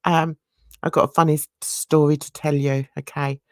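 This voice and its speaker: A woman's voice: low voice, level tone, normal speed, a little mellow, dry recording, studio quality. A middle-aged woman, hosting a casual livestream and telling a rambling story with frequent laughter. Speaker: YouTube channel host.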